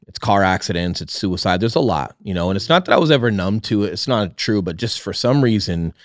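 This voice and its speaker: A man's voice: sits low, no room sound, clean studio sound. A man in his thirties telling a candid, profane personal story as a guest in a casual talk. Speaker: podcast guest, realtor.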